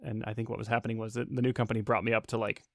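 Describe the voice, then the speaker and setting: A man's voice: lowish voice, level tone, rapid-fire, creaky, fairly bright tone, no echo, studio quality. Chuckling man in his forties, podcast co-host. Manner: chuckling storyteller. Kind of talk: casual podcast chat.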